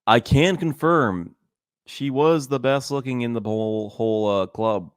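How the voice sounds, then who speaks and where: A man's voice: medium pitch, measured pace, clean tone, no echo, studio quality. A young man co-hosting a podcast, talking casually in a laid-back, hesitant way. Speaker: podcast co-host. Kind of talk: casual chat.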